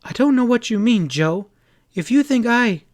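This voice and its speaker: A man's voice: animated, moderate pace. Man voicing a frantic young woman suspect. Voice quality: high, strained, faltering. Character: frightened young woman accused of murder.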